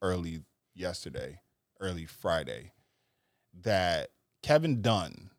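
A man co-hosting a casual podcast, relaxed and explanatory, often laughing. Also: low-pitched, slow pace, no room sound, studio quality. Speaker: podcast co-host. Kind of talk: casual chat.

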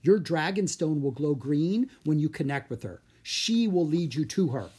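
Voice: medium pitch, expressive, normal speed, warm tone, husky. A reader voicing a cheerful, encouraging young girl dragon master in a storybook audiobook. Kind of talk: audiobook character reading.

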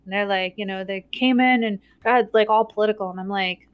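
A middle-aged woman telling a story in casual chat, animated and laughing often, with many "like" and "right?" tags. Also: medium pitch, fairly quick, smooth.

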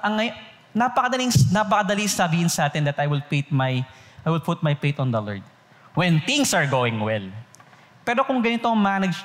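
A man's voice: on the high side, long reverb tail. A man with a Filipino accent preaching a sermon, checking in with his listeners after nearly every phrase and repeating himself. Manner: asks the group constant check-in questions, repeats phrases. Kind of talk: sermon in mixed Tagalog and English.

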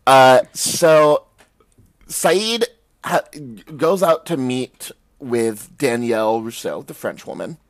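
A man's voice: mid-range voice, slow pace, no room sound. Casual rambling man, dry close sound. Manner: loose, rambling recap full of "like" and "um". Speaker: podcast host recapping a TV show. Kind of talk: casual chat.

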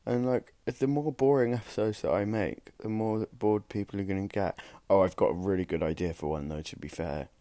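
On a dry recording, a young podcast host speaks a little fast in a lowish, dark-toned voice, barely pausing. Worn out and exhausted, he rambles through his casual solo chat, tiredly mocking himself.

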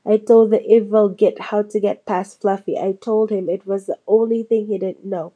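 A woman voicing a huge, soft-hearted bearded man in a storybook reading, blustering and rough-spoken. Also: medium pitch, steady tone, moderate pace, phone-quality sound, close to an everyday voice. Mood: remorseful.

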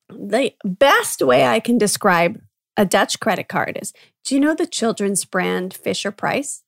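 Woman podcast host, teasing and chatty, mid-pitched, dry close sound. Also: expressive, unhurried, gravelly, no echo. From North America. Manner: chatty and teasing, laughs often. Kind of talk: casual podcast chat.

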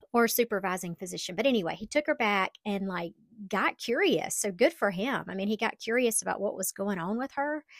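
A woman's voice: mid-range voice, dry recording. Chatty woman podcaster, dry sound. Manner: chatty and candid, sharing personal stories with self-deprecating humor. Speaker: podcast host. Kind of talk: casual solo podcast talk.

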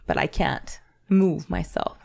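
A woman co-hosting a podcast, talking in a halting, self-doubting way and swearing casually. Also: deep voice, creaky, a little mellow. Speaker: podcast co-host. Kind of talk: candid conversational podcast talk.

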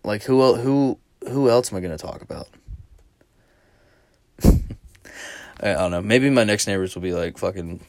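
A man's voice: lowish voice, lively intonation, unhurried, pauses often, a little mellow, no echo. A man hosting a podcast, telling a rambling, profanity-laced story in a casual, amused way. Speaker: podcast host.

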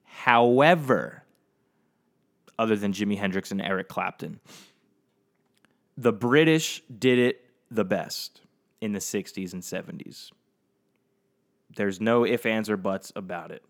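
A young man hosting a solo podcast, rambling in a casual, profane, animated way and talking straight to his listeners. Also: mid-range voice. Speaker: podcast host.

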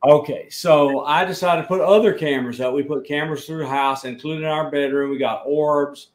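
A middle-aged man with a slightly higher voice talks through his evidence in a plain, technical way. He sounds like he is in a roomy, echoing space at home on a video call. He takes listeners through each detail step by step. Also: steady tone, brisk. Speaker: guest, scientist and engineer. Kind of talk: casual show-and-tell explanation. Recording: echoey room sound.

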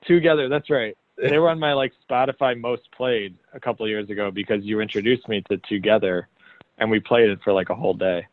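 A man's voice: lowish voice, a little fast. A man co-hosting a podcast, running through the list and dropping brief dry remarks in casual chat. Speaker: podcast co-host. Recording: tinny phone-like line.

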